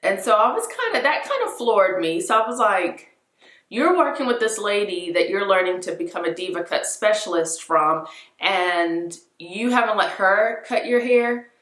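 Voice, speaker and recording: Young woman vlogger, lively storyteller who acts out quotes, echoey room. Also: mid-range voice, normal speed. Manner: animated, acts out quoted voices. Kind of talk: casual storytime to camera.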